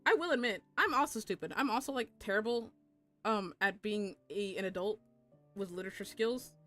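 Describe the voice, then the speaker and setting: A woman's voice: mid-range voice, fairly quick, fairly bright tone, faint music behind. A young adult woman chatting casually on a live stream, rambling and swearing with lots of filler words.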